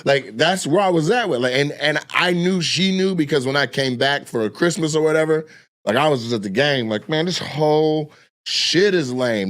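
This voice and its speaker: A young adult man from Washington State telling profane, animated stories in casual chat, acting out the people he quotes. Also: on the high side. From Washington State, USA. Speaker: guest storyteller.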